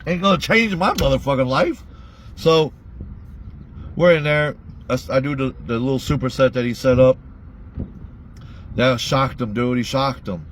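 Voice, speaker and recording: A man's voice: mid-range voice, measured pace, pauses often, a little hiss or hum. A man ranting bluntly to his audience in a heated monologue, swearing constantly. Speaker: vlogger.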